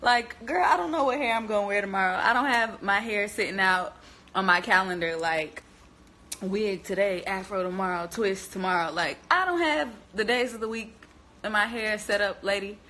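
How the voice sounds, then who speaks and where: Bright-voiced young woman chatting on a live stream. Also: medium pitch, moderate pace. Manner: animated, chatty, laughs often, addresses viewers as y'all. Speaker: vlogger hosting a journaling live stream. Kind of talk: casual storytelling on a phone live stream. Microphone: phone.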